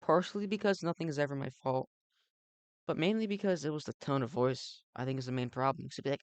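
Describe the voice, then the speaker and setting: A man's voice: mid-range voice, fast. A young man hosting a let's play, rambling through a comedic monologue with ironic asides, swearing, and lots of fillers.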